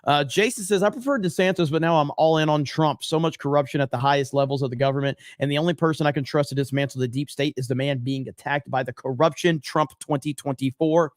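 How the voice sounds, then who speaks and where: A man's voice: on the high side, fast, hardly any pauses, no room sound, studio quality. Blunt, profane male livestream host. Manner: blunt and profane, repeats himself for emphasis. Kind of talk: casual livestream talk reading chat.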